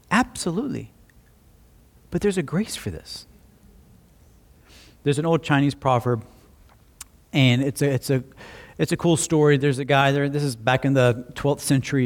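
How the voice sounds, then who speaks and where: A male pastor preaching a sermon, telling stories in an animated way with personal asides. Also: medium pitch.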